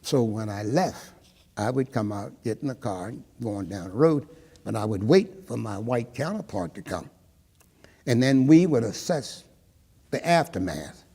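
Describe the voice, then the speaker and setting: A man's voice: medium pitch, vocal fry, mellow, in a large hall. An older man from Maryland, an interviewee recounting his personal history, who tells his story and often acts out the dialogue he remembers.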